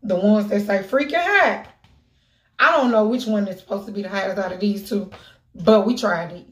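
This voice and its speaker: A woman talking casually to her camera in a lively, animated way, swearing freely. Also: medium pitch, moderate pace. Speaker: vlogger. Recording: echoey room.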